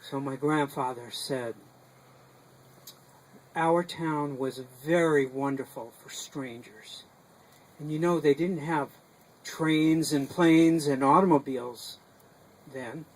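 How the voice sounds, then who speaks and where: A man tells a folk tale to a small group gathered in a sukkah, speaking slowly with a slightly high voice. He is dramatic and animated, dropping to a hush and then rising again. The talk is live and unscripted. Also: low-quality recording. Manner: dramatic, animated, with sudden shifts in loudness. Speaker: storyteller. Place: sukkah, a small outdoor booth.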